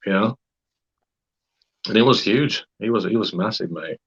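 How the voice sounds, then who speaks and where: Man from wakefield, lowish voice, bright, rambling storyteller, muffled lo-fi sound. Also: moderate pace, slightly rough. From Wakefield, England. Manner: rambling, hesitant, many fillers. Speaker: interviewee. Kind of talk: casual storytelling.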